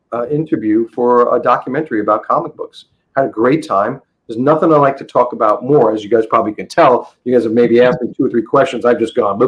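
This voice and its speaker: A middle-aged comic book dealer, appearing as a podcast guest, tells stories in a rambling, enthusiastic way, restarting his sentences often. His voice is medium-pitched and the sound is lo-fi.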